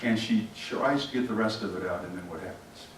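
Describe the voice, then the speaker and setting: In a fairly low voice and at a slightly quick clip, a pastor delivers an animated sermon, drawing the congregation in with questions and acting out scenes. The echoey sanctuary recording, made from a distant mic, carries a little hiss or hum.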